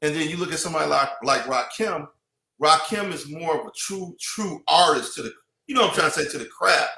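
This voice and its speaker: Guy with a bright voice rambling, lots of you-knows and restarts, echoey room. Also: a little high, expressive, brisk, gravelly. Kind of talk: casual chat.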